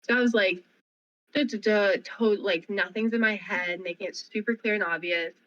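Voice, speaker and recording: A young woman co-hosting a radio show who tells a story at full tilt. She is animated and rapid, with plenty of "like" and a pitch of middling height. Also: highs cut off. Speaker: co-host. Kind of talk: casual storytelling chat. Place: radio studio.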